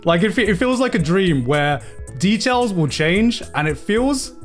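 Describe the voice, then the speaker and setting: A man's voice: high-pitched, animated, unhurried, faint music behind. A man streaming live, reacting to fan-made edits in a casual, incredulous way, swearing and laughing often.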